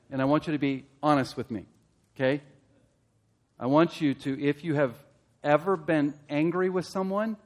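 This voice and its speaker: A male pastor delivering a sermon in a somewhat high voice. He talks straight to the congregation with pointed questions and swells into loud, emphatic stretches. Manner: impassioned, rising to loud emphatic peaks.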